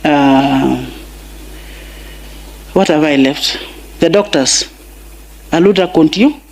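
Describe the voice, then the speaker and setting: A middle-aged Kenyan woman with a deep, slow, slightly mellow voice gives an emotional funeral eulogy for her husband, slipping Swahili phrases into her Kenyan-accented speech. She is addressing a large funeral gathering, and there is slight background noise.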